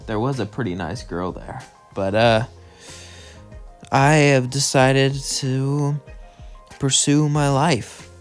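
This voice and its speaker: A man voicing a sad, earnest young male imp who speaks softly and wistfully. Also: medium pitch, fairly even intonation, slow, pauses often, soft background music, voice pushed up, natural voice.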